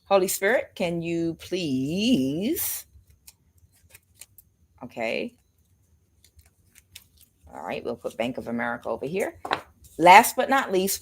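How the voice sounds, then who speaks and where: A woman's voice: low-pitched, sing-song, takes it slowly, pauses often, a little hiss or hum. A woman giving a casual spiritual tarot reading, rambling and speculative, talking straight to her viewers. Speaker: tarot reader.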